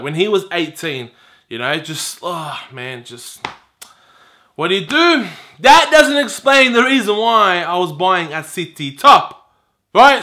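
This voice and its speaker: A young man in his twenties tells a story straight to camera, loose and chatty, acting out each exchange with exasperated energy. His voice sits high for a man, with a bright, forward edge. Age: 20s. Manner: animated, exasperated, acts out quoted exchanges. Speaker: YouTuber telling a story.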